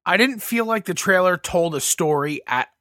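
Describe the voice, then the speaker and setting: A man co-hosting a podcast in casual chat, emphatic and quick to react. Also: high-pitched, animated, bright, forceful tone, no room sound, studio quality. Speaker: podcast co-host.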